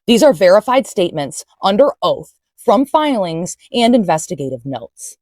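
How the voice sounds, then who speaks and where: A woman's voice: mid-range voice, very animated, moderate pace, darkish tone, no echo, clean studio sound. A woman reading quoted lines and commenting on them in an earnest, emphatic way.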